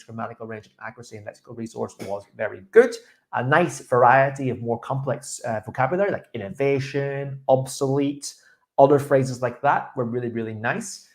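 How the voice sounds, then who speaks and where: Young male speaking coach, mid pitch, encouraging, models pronunciation. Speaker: IELTS speaking teacher. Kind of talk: feedback after a mock speaking test.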